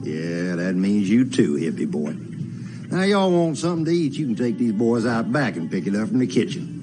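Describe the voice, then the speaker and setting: A hostile restaurant owner. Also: male voice, on the low side, sing-song, normal speed. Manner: blunt, dismissive. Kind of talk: film scene. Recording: film clip with music behind.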